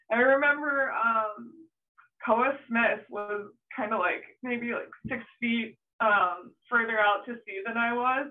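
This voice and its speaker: Young woman guest, surf photographer, chatty and animated, laughs a lot, sounds thin and phone-like, a bit off mic. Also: medium pitch, unhurried, distant mic. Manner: animated storytelling, acts out her own past shouts, laughs often. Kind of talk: casual interview chat. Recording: tinny phone-like line, off-mic.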